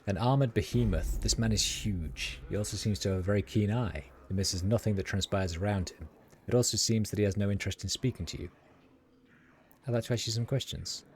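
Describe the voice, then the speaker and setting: A man's voice: on the low side, a little fast, darkish tone, slight background noise. A man streaming a game, reading its dialogue and narration aloud in his own casual voice, with ums and uhs. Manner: reads every part in his own plain voice, with fillers. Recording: music playing behind.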